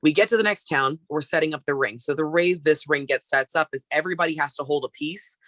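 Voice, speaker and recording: A woman from Canada, a wrestler guest on a podcast, telling a story in a casual, animated way with lots of fillers. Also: sits low, fast talker, no echo.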